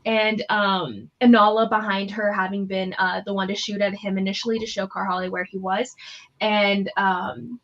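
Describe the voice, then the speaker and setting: A woman game master describes the action in a relaxed, chatty way and keeps her fillers in. Her voice sits in a middle range, and the recording has a slightly muffled, lo-fi sound. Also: medium pitch, normal speed. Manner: loose, chatty narration with many fillers. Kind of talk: narrating a tabletop game.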